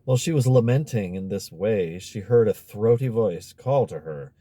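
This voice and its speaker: Brief: male narrator, low warm tone, measured expressive audiobook read. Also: no echo. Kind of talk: scripted narration.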